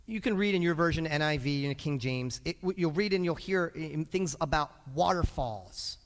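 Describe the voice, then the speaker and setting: A man preaching a sermon as the church's pastor, moving between quiet asides to his congregation and loud, shouted exhortation. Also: a little high, moderate pace, long reverb tail. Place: church sanctuary.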